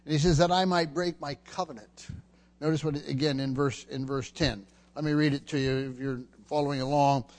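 Halting male preacher in a reverberant hall. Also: fairly high pitch, fairly even intonation, a little mellow. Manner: halting delivery with frequent fillers and restarts. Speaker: pastor. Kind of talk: expository Bible teaching sermon.

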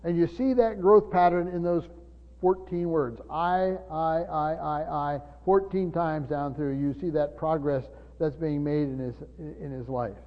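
Older man, pastor, earnest sermon, repeats himself, high-pitched, long church reverb. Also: steady tone, a little slow, lo-fi sound. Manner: earnest teaching with frequent restarts and stammered repeats.

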